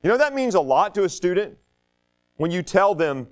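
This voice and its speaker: A middle-aged man, preaching a sermon full of folksy personal stories, laughing often and rising in pitch as he makes his points. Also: very fast. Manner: folksy, storytelling, laughs often, animated rises when preaching.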